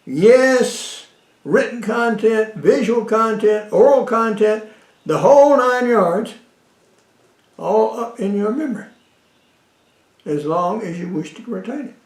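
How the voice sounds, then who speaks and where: Slow, sing-song man cooking in an echoey room. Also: high voice, animated. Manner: slow, rambling, with frequent uh fillers and dry jokes. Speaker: cooking show host. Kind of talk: casual cooking demonstration.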